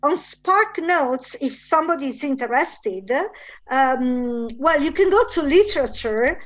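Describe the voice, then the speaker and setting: A woman teacher, talking with adult students on a video call and often pausing with fillers. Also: high-pitched, expressive. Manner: hesitant, many fillers. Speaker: English teacher. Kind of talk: online class conversation. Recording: muffled lo-fi call audio.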